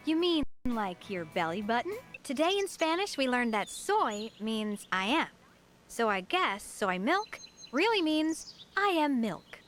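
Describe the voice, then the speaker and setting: A woman's voice: fairly high pitch, big pitch swings, unhurried, a bit bright, soft background music. A woman voicing a ditzy, cheerfully dim teenage girl in a video game, with a chirpy, sing-song delivery. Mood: airheaded.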